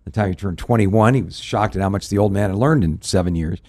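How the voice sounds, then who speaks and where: Man pastor, middle-aged, folksy storyteller quoting scripture; fairly low voice. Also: quick pace, darkish tone, breathy edge. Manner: folksy, anecdotal, quotes scripture. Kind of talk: radio ministry discussion.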